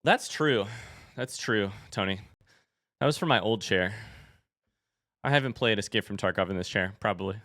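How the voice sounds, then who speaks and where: A man's voice: on the low side, normal speed, long pauses, sharp tone, no room sound, studio quality. A young man streaming a game live, chatting and joking with his viewers, out of breath after running upstairs. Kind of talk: casual live-stream chat.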